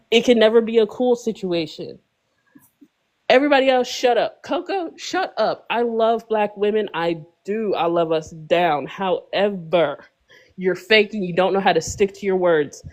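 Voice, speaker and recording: A woman speaking at a medium pitch on a live podcast panel. She is blunt and teasing, ranting playfully and breaking into laughs as she goes. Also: darkish tone.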